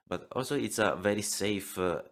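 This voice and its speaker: A man in his thirties with an Italian accent, explaining throat singing in an interview lesson, halting and often restarting his words. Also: lowish voice, fairly bright tone. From Italy. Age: 30s.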